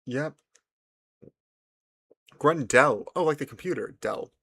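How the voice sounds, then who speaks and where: A man's voice: mid-range voice, a little slow, pauses often, no echo. A man giving casual, playful commentary while he plays a farming video game. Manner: animated, playful, chatty. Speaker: gaming video host.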